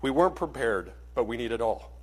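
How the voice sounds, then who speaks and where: A man voicing a quiet, grave old doctor. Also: medium pitch, animated, fairly quick, husky, voice pushed down. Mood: solemn. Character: grave older male doctor, gentle and solemn.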